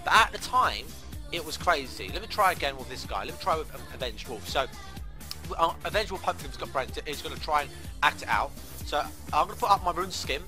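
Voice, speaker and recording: A young man streaming a game, excitedly telling stories in a casual, swearing manner and acting out the voices of people in them. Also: a little high, quick pace, music in the background. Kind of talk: casual storytelling while playing a game.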